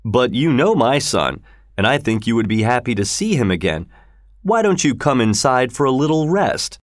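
A man's voice: medium pitch, very animated, moderate pace, dry recording, clean studio sound, lightly acted. A man playing a cold, scheming landowner. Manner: cold, mocking and commanding. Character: scheming cruel middle-aged landowner.

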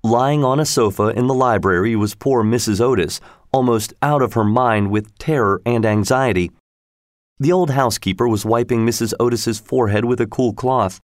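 A man narrating a storybook in a steady, measured reading, his voice at a middle pitch. The recording is dry and close, with no room sound. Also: no echo.

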